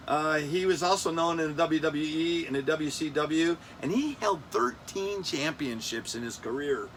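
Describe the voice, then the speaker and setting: A man in his fifties runs a casual countdown of collectible figures, wandering off track and joking at his own slips. His voice sits a little high for a man, and a faint hum runs under it. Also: a bit bright. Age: 50s. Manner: rambling, self-joking, loses his place. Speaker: toy collector host. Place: air-conditioned room.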